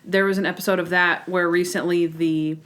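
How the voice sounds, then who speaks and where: A young woman talks casually as a podcast co-host. She is animated and breaks into quick acted-out quotes, often restarting her sentences mid-thought. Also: lowish voice. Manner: animated, quotes people in voices, trailing restarts. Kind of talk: casual chat.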